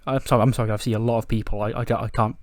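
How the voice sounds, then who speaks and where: A man's voice: mid-range voice, level tone, racing, no room sound, lightly acted. A man putting on a cocky, overly friendly male wrestling star in his own plain voice, recorded dry. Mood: chummy.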